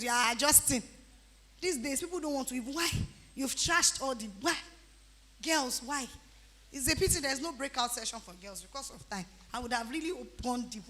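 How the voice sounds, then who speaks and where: Nigerian woman, 30s, youth retreat speaker; bright high voice, playful scolding delivery. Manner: animated, teasing, breaks into pidgin-flavored asides. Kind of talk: lively exhortation to teenagers.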